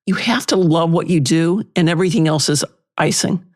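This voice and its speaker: An older woman, a litigation lawyer and interview guest, telling lively anecdotes and acting out past exchanges. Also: low voice, moderate pace. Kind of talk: storytelling in an interview.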